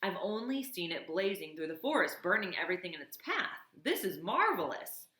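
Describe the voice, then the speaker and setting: A woman's voice: on the low side, big pitch swings, normal speed, pushed and bright, reverberant. Woman putting on a chatty beaver builder. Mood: cheerful. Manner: bossy, eager, giving friendly advice.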